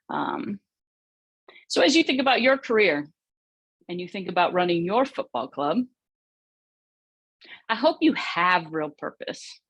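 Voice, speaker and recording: A woman's voice: lowish voice, breathy edge, no room sound. Earnest woman giving a keynote. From United States. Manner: earnest, reflective storytelling with rhetorical questions. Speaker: conference speaker, former footballer. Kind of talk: motivational keynote speech.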